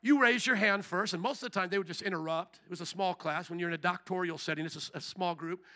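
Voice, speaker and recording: A man preaching a sermon as pastor, animated and acting out the voices he quotes. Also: sits high, fast.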